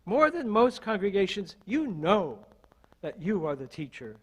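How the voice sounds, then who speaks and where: An older man, an associate minister, delivering a sermon in a measured, deliberate way with strings of rhetorical questions. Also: sits high, sing-song, husky, poor audio.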